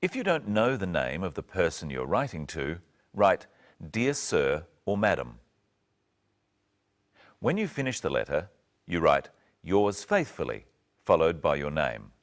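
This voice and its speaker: A man with a deep voice presents an English lesson. His speech moves up and down expressively as he carefully models each phrase. The delivery is slow and deliberate. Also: sing-song. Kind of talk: slow, clear teaching narration.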